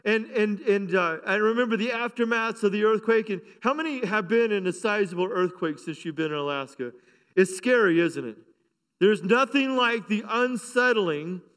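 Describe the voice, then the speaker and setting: A man's voice: high voice, fairly bright tone, clear, resonant tone. A middle-aged man pastor preaching a sermon fervently, with call-outs and humor, in a church. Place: church sanctuary. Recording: long hall reverb.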